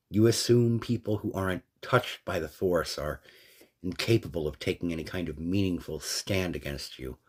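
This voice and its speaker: A man voicing a gentle, wry middle-aged woman who owns a café, in a fan story reading. He keeps her measured and quietly defiant. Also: deep voice.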